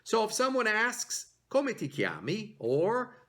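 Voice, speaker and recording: A high-pitched man teaches a video language lesson slowly, guiding repeat-after-me practice. His manner is animated and encouraging, his intonation exaggerated.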